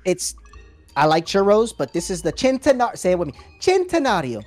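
A man's voice: sits high, lively intonation, fairly quick, a little mellow, soft background music. A man doing a hyped, slangy car-salesman act in a playful game role-play. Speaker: gaming YouTuber guest. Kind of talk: playful role-play banter over gameplay.

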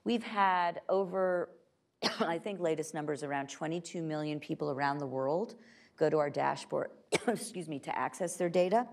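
Low, gravelly-voiced woman speaking onstage. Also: normal speed. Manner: lively, acts out quoted voices, laughs often; frequent fillers and restarts. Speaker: guest speaker, tech company privacy chief. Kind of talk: onstage conference conversation. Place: stage at a tech conference.

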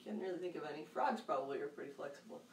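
A woman leading a workout for kids, calling out moves and counts in an upbeat, encouraging way, with loud bursts on the counts. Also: low-pitched, lively intonation, racing, distant mic, slight background noise. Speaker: fitness coach for kids. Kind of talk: leading a live kids' workout. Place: room at home. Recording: echoey room, voice off-mic.

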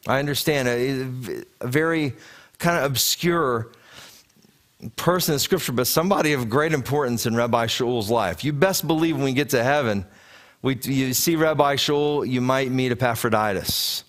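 A rabbi in his thirties preaching a sermon to his congregation, telling stories in an animated way and often restarting his words. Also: mid-range voice, measured pace. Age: 30s. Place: congregation sanctuary.

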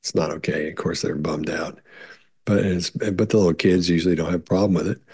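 Middle-aged guy answering questions, kinda husky and low, rambles and repeats himself a lot. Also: steady tone, brisk, darkish tone. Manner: rambling, repeats words, many restarts and fillers; acts out quoted voices in higher pitch. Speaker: behavior analyst answering viewer questions. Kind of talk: casual explanatory talk.

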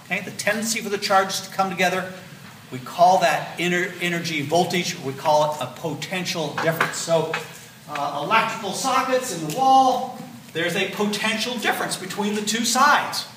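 A man's voice: high voice, normal speed. Older male lecturer in an echoey hall. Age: 60s. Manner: explanatory, repeats key points with "okay?" and "right?". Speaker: physiology lecturer. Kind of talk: classroom lecture. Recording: roomy lecture hall, mic at a distance, faint noise.

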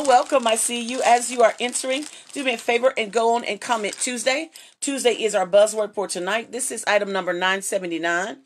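A woman's voice: a little high, a little hiss or hum. A middle-aged woman, hosting a casual live jewelry sale and greeting viewers by name in a bubbly, chatty way. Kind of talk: casual live-stream selling.

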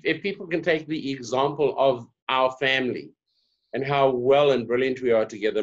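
A South African man in his forties talks as an interview guest, animated and earnest with playful asides. His voice sits in a middle range. The recording sounds muffled and lo-fi. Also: medium pitch. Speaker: guest, diversity specialist. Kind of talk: casual interview talk.

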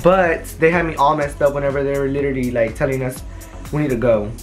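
Talking fast in a mid-range voice, a young adult vlogger casually shows off new purchases at home. The delivery is chatty, rambling and animated, with faint music in the background.

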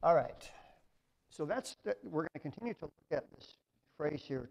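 Gravelly-voiced preacher teaching the Bible. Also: male voice, fairly high pitch, lively intonation, normal speed, dull audio. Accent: American. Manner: conversational, asks the congregation questions. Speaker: pastor. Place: church classroom with audience. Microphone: moves away from the mic at times.

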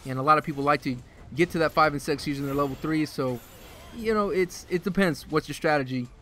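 Bright, excitable man commentating gameplay. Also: a little high, brisk, a little hiss or hum. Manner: excitable, loud outbursts during play. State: a little out of breath. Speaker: gaming video host.

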